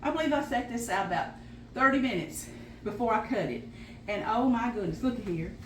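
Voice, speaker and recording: A woman's voice: fairly high pitch, lively intonation, a little fast, fairly bright tone, slight background noise. An older woman with a Southern US accent hosting a homespun cooking show, talking in a folksy, chatty way in her home kitchen. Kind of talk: casual cooking demonstration. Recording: echoey kitchen room.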